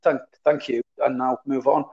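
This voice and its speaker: A former footballer, a man, spins stories in an easy, rambling way, doubling words and letting sentences trail off. His voice sits at an ordinary middle pitch. The audio is slightly muffled and lo-fi. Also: steady tone, moderate pace, darkish tone. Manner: chatty, repeats words, trails off. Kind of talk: casual anecdotal storytelling.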